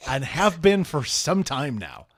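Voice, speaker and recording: A young man co-hosting a podcast, with a voice a little higher than most men's. He ranges widely in pitch and lands dry, sarcastic jokes in a casual conversation. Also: huge pitch swings, a little slow, a bit bright. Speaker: podcast co-host. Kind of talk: casual chat.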